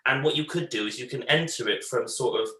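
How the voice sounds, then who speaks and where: A man, co-hosting a casual chat and telling lively family stories, acting out what relatives said. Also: medium pitch, fast, echoey room, rough recording. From Bristol, England. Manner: animated anecdotes, acts out family quotes. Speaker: podcast co-host.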